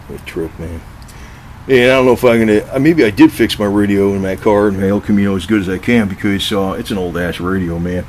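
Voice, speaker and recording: A man's voice: fairly low pitch, moderate pace, long pauses, a little mellow, slight background noise. A man talking to his cats in a coaxing voice, rambling and swearing casually as he films at home by his old car. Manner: coaxing pet talk mixed with rambling asides and casual swearing. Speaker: cat owner filming his cats.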